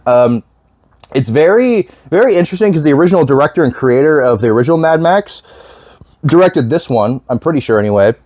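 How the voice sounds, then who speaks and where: A man's voice: fairly high pitch, animated, a little fast, a little mellow, dry recording, clean studio sound. A man vlogging in casual chat, rambling with lots of restarts and frequent swearing.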